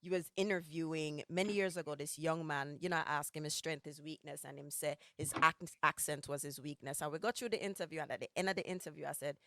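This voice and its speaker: Woman host, emphatic and low. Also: steady tone, fast talker, hardly any pauses, pushed and bright. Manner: conversational, emphatic, asks probing questions. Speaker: podcast host. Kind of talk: casual interview chat.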